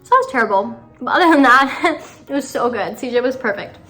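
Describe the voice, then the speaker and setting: A teenage girl talks casually about her riding season in a slightly high voice. She is chatty and dramatic, and she mocks herself often. Faint music plays underneath. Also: expressive, fairly quick, pushed and bright. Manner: chatty, dramatic, self-mocking, lots of fillers. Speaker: equestrian vlogger. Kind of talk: casual chat. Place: outdoors in snow at a horse show.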